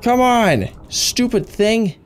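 Eager gamer guy talking to himself while he plays, lively ups and downs. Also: extremely high pitch, slow pace, clean tone. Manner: excitable, thinks aloud, gasps at discoveries. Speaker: let's play gamer. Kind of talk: gameplay commentary.

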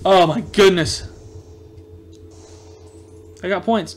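A man giving casual let's-play commentary on a video game, reacting excitably with loud outbursts of frustration. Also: high-pitched, moderate pace, soft background music. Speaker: gameplay commentator.

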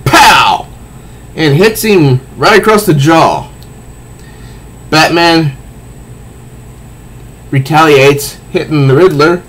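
Slow-talking man reviewing comics. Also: fairly high pitch. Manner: recounts panels aloud with sound effects, frequent restarts.

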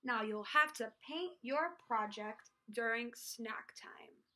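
A woman's voice: a little high, slow pace, pushed and bright. A woman voicing a stern female dinosaur teacher in a storybook reading, firm and scolding.

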